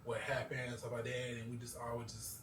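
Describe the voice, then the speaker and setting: Fast-talking, blunt, profane man. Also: mid-range voice, completely flat delivery, fairly bright tone, slight background noise. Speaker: show cast member. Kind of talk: casual personal storytelling.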